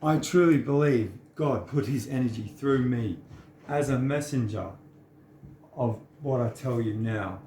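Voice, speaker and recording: A man's voice: mid-range voice, a little slow, dark tone, roomy sound, slight background noise. An earnest, sincere man, giving a preachy personal monologue to the camera. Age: 30s. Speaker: vlogger.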